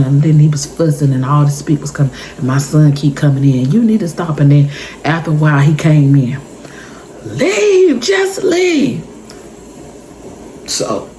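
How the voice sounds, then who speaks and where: A woman's voice: extremely low pitch, warm tone, a little hiss or hum, rough recording. A woman in her thirties, telling an intense personal story for her vlog in an emotional, repetitive way. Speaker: vlogger. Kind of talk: story time monologue.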